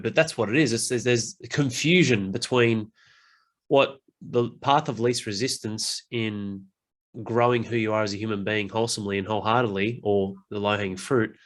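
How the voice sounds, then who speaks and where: A man hosting a casual podcast chat, blunt and animated, swearing freely and mimicking other people. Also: on the low side. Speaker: podcast host.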